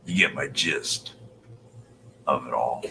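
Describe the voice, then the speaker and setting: A man's voice: a bass voice, takes it slowly, vocal fry, sharp tone, a little hiss or hum. A man hosting a casual live stream, chatting with callers and reading viewer comments aloud.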